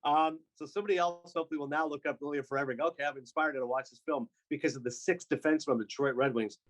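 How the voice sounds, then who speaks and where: Fast-talking animated male broadcaster. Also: on the high side, low-quality recording. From Canada. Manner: fast, animated storyteller with quick asides. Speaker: sports broadcaster guest. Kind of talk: casual podcast chat.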